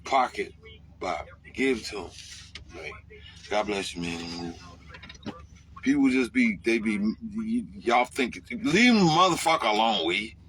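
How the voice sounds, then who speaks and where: Slow and low-voiced, the truck driver leaves long pauses as a bit of background noise hums along. He rants to the camera casually, cursing and animated, with bursts of yelling.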